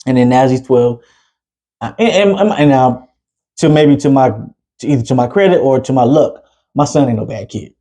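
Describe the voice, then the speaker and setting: A man's voice: mid-range voice, lively intonation, normal speed, dark tone. A man co-hosting a podcast in casual chat, a father who keeps checking in with "you know what I'm saying". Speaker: podcast co-host; father of a preteen son.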